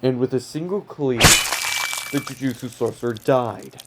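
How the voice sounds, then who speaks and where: A man's voice: medium pitch, normal speed, dark tone. A man casually narrating a fan-made story, off the cuff and loose. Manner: casual, off-the-cuff, occasional swearing.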